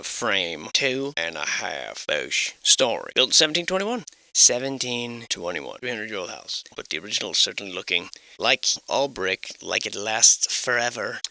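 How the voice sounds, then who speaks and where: A man hosting a sardonic, profane commentary on old building survey documents, swinging between mock-grand pronouncements and hushed musing. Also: lowish voice, no room sound. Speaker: host.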